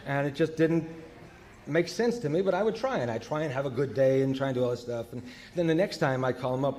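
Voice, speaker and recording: An older man telling his recovery story at a meeting, halting and full of fillers. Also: mid-range voice, animated, darkish tone, a little hiss or hum. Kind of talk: personal recovery talk.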